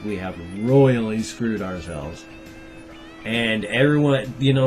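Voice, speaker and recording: Man in his fifties, sardonic daily vlogger, rambling monologue, music playing behind. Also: mid-range voice. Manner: sardonic, darkly joking.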